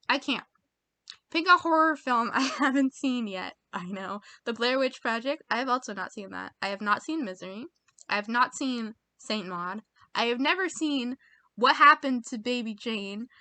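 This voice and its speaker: A woman's voice: fairly high pitch, animated, moderate pace, pushed and bright, no echo. A young American woman reading quiz options aloud in casual chat, giggly and self-mocking, muttering as she goes. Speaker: video creator taking online quizzes.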